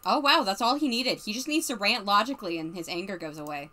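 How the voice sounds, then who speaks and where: A woman's voice: medium pitch, quick pace, bright, forceful tone. A woman streamer giving casual, chatty let's-play commentary and narrating her game characters.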